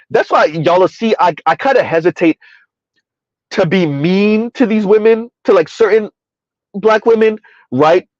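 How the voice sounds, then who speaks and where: A man's voice: high-pitched, a little mellow, no room sound, muffled recording. A man doing casual, rambling commentary on a live stream, reading out chat messages as he goes. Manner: rambling, conversational, reads chat aloud.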